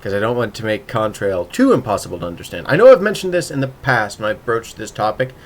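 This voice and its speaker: A man's voice: fairly low pitch, animated, fast, a little hiss or hum. A man hosting a casual writing livestream, thinking aloud and muttering to himself as he works.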